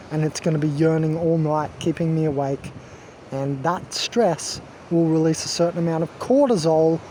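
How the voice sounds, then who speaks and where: Preachy self-assured man, mellow voice. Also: fairly high pitch, slight background noise. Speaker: wellness vlogger. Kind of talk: rambling monologue to camera.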